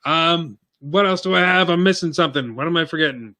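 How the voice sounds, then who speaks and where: A man's voice: on the high side, fairly quick, bright, forceful tone. A man hosting a casual podcast, chatting loosely with lots of fillers and plugs, a bit out of breath. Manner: rambling, filler-heavy plugging. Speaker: podcast host.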